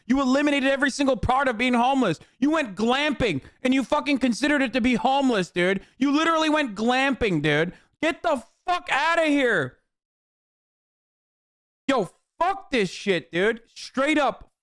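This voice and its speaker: Angry streamer man, profane rant, high-pitched, dry close mic, shouting in disbelief. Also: no room sound. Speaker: streamer reacting to a video.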